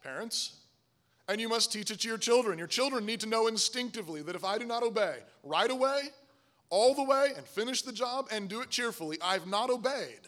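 A man preaching a sermon, emphatic, often asking "Right?", swinging from loud stresses to low, quiet asides. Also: animated, fairly quick. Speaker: pastor.

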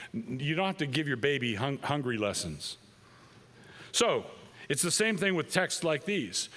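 Male preacher mid-sermon; animated, slightly high delivery, hammers points by repeating them. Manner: emphatic, repeats phrases for stress. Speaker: pastor.

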